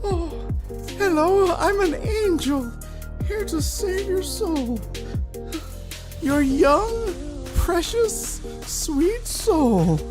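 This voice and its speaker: A saccharine, soothing angel, as a man puts her on in a very high, airy voice, stretching out every word. The pitch floats far above his own talk and lilts up and down. It sounds like a sweet spoof. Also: sing-song, drawn-out words, pauses often, over music, heavily acted. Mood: cooing.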